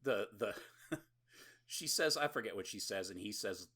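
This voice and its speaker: A man's voice: lowish voice, animated, normal speed, bright, forceful tone, breathy edge. A man co-hosting a podcast, recapping a horror movie in casual, rambling, profane chat and laughing often. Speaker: podcast co-host.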